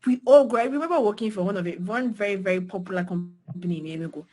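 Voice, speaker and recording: A young woman with a Nigerian accent speaks with fiery conviction to beginners, hammering points home by repeating them. Her voice is husky and slightly rough, leaping up high and dropping low as she presses each point. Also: fast. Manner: emphatic, swings pitch and loudness widely, repeats phrases for emphasis. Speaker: design mentor speaking to beginners. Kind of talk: passionate motivational talk.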